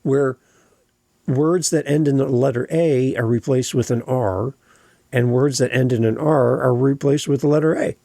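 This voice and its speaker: A man hosting a podcast, giving earnest, encouraging coaching on clear speech and stressing the ends of words. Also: mid-range voice, fairly even intonation, normal speed, dark tone, dry recording. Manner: earnest, encouraging, emphatic on word endings. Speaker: podcast host.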